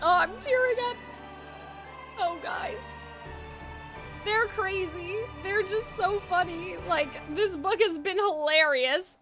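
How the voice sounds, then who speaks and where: A woman streaming a game, reacting in excitable, laughing commentary. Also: extremely high pitch, slow, long pauses, faint music behind.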